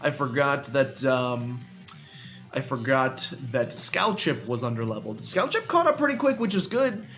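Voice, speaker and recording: Young male let's-player, animated and chatty, talks back to the game; soft music under him. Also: mid-range voice, moderate pace. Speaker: gaming YouTuber. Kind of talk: let's play commentary.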